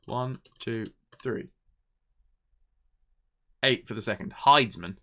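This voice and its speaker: A man's voice: mid-range voice, slow pace, fairly bright tone. A man, chatting casually on a live game stream, thinking aloud and reading out viewer messages.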